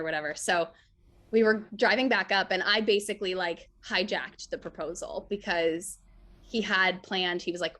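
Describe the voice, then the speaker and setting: A woman's voice: medium pitch, normal speed. Woman guest chatting away, lots of "like", acts out voices in her stories. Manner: animated storyteller, acts out quotes, says "like" often. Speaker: actress guest. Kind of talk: casual interview chat.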